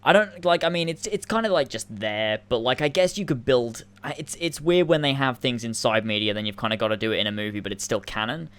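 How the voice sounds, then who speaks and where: A man's voice: mid-range voice, fast, hardly any pauses, a bit bright, clear, resonant tone. A man on a casual podcast chat, rambling through explanations full of fillers and restarts and laughing as he goes. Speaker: podcast co-host.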